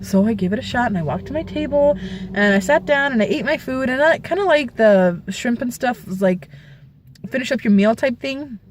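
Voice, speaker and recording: A young woman vlogger telling a story casually, animated, with squeals and shrieks as she retells it. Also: a little high, normal speed, slight background noise.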